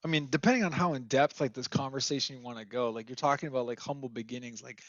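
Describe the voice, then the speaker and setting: A man's voice: medium pitch, quick pace, no room sound, muffled recording. Rambling, candid Minnesota-born man. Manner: candid, rambling with many fillers. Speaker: podcast guest. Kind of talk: casual podcast conversation.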